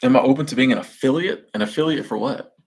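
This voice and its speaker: Talking fast in a medium-pitched, husky, slightly mellow voice, a young male streamer chats casually with viewers and reads their comments. He uses slangy speech and laughs at his own jokes.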